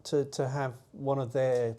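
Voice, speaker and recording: A man's voice: mid-range voice, flat delivery, unhurried, warm tone. A man hosting an interview, mostly giving short affirmations and asking thoughtful questions. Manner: brief affirmations, reflective questions. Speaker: interviewer, host. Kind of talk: casual interview.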